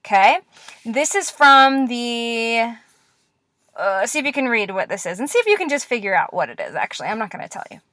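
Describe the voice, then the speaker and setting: A woman teaching Russian letters in a classroom-style lesson, patient and encouraging, repeating words slowly. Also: fairly high pitch, big pitch swings, fairly bright tone, no echo.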